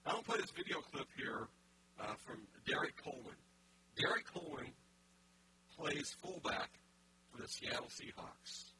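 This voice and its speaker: A man's voice: fairly high pitch, animated, moderate pace, noisy background. Man preaching a casual sermon. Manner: conversational preaching with fillers. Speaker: pastor.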